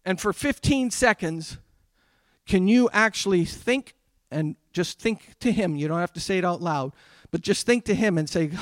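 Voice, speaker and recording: A male pastor preaching a sermon, reading a psalm aloud with energy and then dropping to quiet, prayerful tones. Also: high voice, expressive, normal speed, no room sound. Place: church.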